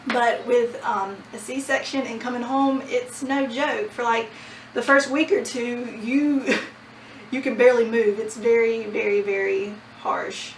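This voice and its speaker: A young woman tells a personal story in a loose, animated vlog style, laughing as she goes. Her voice sits a little high, and she is a step back from the mic in an echoey room with a faint hiss behind her. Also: measured pace. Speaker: vlogger. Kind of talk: casual storytime. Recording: roomy sound from a distant mic.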